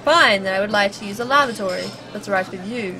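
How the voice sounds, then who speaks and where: A woman's voice: mid-range voice, fast, over music, lightly acted, rough recording. A woman reading the lines of a pushy young male student who insists on getting in. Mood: insistent. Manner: insistent and a little cheeky. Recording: clearly audible background noise.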